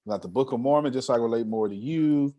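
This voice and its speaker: On a video call, a man hosts an online meeting with animated, casual motivational talk full of streetwise slang, repeating himself a lot. His medium-pitched voice moves fast, and the sound is lo-fi.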